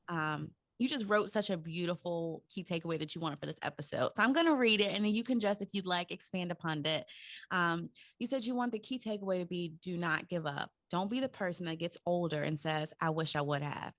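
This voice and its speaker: A woman's voice: fairly low pitch, brisk, no echo. A woman hosting an interview podcast, affirming her guest and reading aloud from her notes. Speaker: podcast host.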